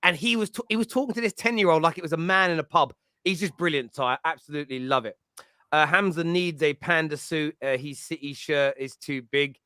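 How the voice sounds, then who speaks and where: A man hosts a casual chat, bright and forceful in tone, his voice sitting a touch high. He tells stories with animated energy and laughs easily, recorded close and dry. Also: brisk, smooth, dry recording. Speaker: podcast host.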